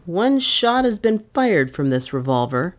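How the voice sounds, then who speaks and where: A woman's voice: lowish voice, big pitch swings, unhurried, voice pushed up. A woman reading a stern, badgering male detective. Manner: badgering, menacing questioning. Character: stern hard-edged male police detective.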